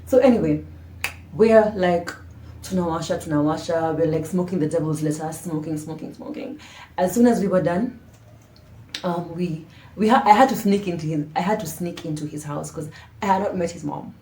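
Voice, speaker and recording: A woman vlogger telling a storytime tale to camera in a casual, slangy way, dramatic and animated, dropping into hushed asides. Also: lowish voice, normal speed, a little hiss or hum. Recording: roomy echo.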